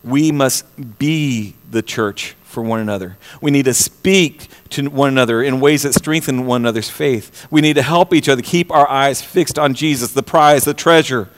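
A man's voice: medium pitch, normal speed, few pauses. Impassioned preacher man in a reverberant hall. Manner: impassioned, repeats words, swings from loud to hushed. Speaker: pastor. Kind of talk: sermon.

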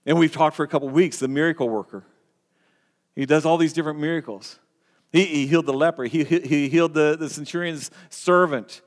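A man with a slightly high voice delivers an earnest sermon from the pulpit. He stumbles and restarts phrases as he presses his points. The sound carries a long hall reverb. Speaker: pastor.

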